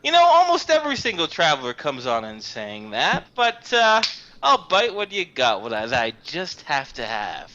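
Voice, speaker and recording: A man's voice: a little high, wildly swooping pitch, moderate pace, sharp tone, full character voice. A man voicing a young blond male shop greeter, an eager salesman with a cheery, drawling hard-sell welcome. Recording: dull lo-fi game recording.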